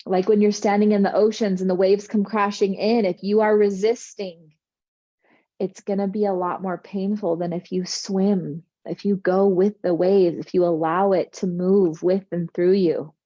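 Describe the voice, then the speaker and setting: A woman's voice: medium pitch, level tone, moderate pace, mellow, no echo, muffled recording. A middle-aged woman giving a motivational spiritual talk in an earnest, reassuring, soothing way. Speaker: spiritual coach.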